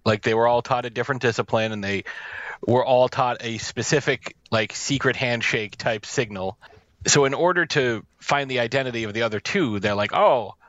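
A man's voice: mid-range voice, fairly bright tone, dry recording, lo-fi sound. A man co-hosting a film podcast, talking casually and sarcastically with many fillers and restarts. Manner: rambling, sarcastic, lots of fillers and quick put-on voices. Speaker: podcast co-host. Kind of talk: casual chat.

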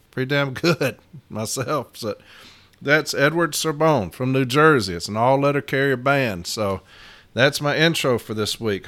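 A man's voice: mid-range voice, a bit bright. Folksy man hosting a podcast. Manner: folksy, laughs often, rambling and heated. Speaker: podcast host. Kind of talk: casual podcast monologue.

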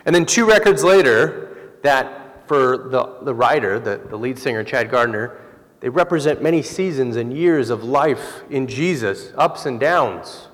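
A man preaching a sermon as pastor, telling stories in a relaxed, conversational way. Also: mid-range voice, unhurried. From Southern California. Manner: relaxed, conversational storytelling with laughs. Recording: long hall reverb.

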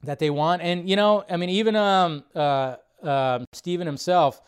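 A man hosting a film podcast in casual live-stream chat, excitable and profane, full of fillers and restarts. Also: high voice, normal speed, clean tone.

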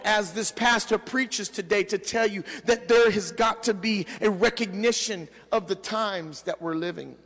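A man, a pastor, preaching a sermon with emphatic delivery, dropping low and soft at the ends of phrases. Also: in a large hall. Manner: emphatic preaching, rising in pitch on quoted lines.

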